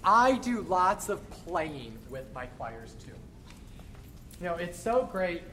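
A man who is a choir director, teaching a choral workshop in an animated way and breaking into sung demonstrations. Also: sits high, slow pace, slight background noise. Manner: animated, demonstrates by singing phrases.

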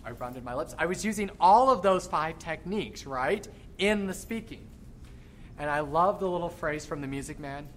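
A man working as a choir director, teaching a rehearsal in an energetic, encouraging way and demonstrating lines by chanting and singing them. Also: a little high, moderate pace. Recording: echoey room with background noise.

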